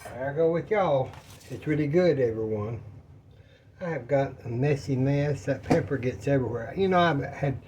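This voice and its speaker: Cooking at home, a man from Texas chats casually with his viewers as y'all, rambling and a bit breathless. He's a cooking vlogger with a somewhat mellow mid-range voice at normal speed, over slight background noise.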